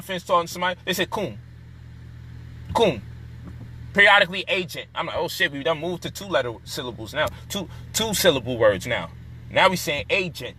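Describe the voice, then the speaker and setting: A man's voice: a little high, pushed and bright, a little hiss or hum. A man delivering a frustrated, profane, lecturing rant. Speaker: commentator. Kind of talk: heated monologue rant.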